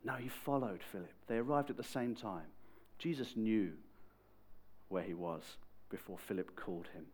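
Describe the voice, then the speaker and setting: Conversational male preacher. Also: mid-range voice. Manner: conversational and lively, with sudden bursts of emphasis. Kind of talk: sermon.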